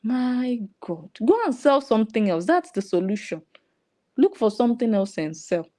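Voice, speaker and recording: A woman's voice: on the high side, very animated, moderate pace, warm tone. A woman with a Nigerian English accent, giving sarcastic, scolding commentary. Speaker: online commentator. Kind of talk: ranting commentary.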